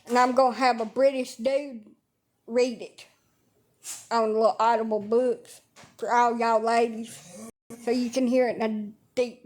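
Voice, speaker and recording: Her fairly high voice carries a slightly mellow quality. She's a social media livestreamer chatting aimlessly from bed at home, sarcastic, blunt and quick to swear.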